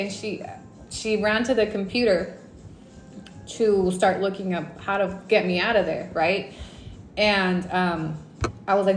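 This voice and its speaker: A woman from Mexico telling a personal story in a casual, animated livestream storytime, dropping in Spanish words. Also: mid-range voice, moderate pace, reverberant, soft background music. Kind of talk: casual storytime on a live stream.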